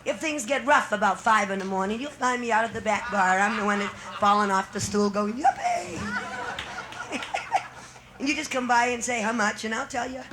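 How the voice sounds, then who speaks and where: A woman's voice: on the high side, fast, hardly any pauses, noisy background. A middle-aged woman comedian doing a bawdy live stand-up routine on a nightclub stage, teasing the audience with brassy banter.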